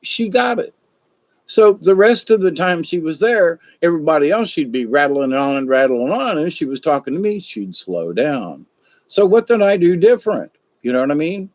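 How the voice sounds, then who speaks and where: Slightly high and very animated at a normal speed, this older livestream host rambles through a folksy tale packed with digressions. The sound is dull, dry and lo-fi, with no room sound.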